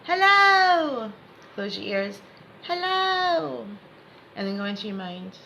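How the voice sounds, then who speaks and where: A woman's voice: mid-range voice, completely flat delivery, fast, gravelly, slight background noise, poor audio. A woman spiritual coach leading a live guided meditation lesson, encouraging and reassuring viewers by name.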